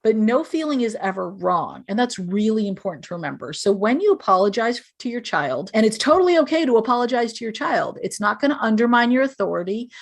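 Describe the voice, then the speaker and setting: Fast and barely pausing, a woman with a high-leaning, sing-song voice gives parenting advice as a guest on a podcast. She explains things earnestly and acts out phrases parents might try.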